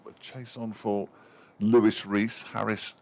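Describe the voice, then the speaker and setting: A man's voice: lowish voice, little pitch movement, unhurried, vocal fry, darkish tone. A man giving live ball-by-ball cricket commentary from a commentary box, lifting his voice to call the runs.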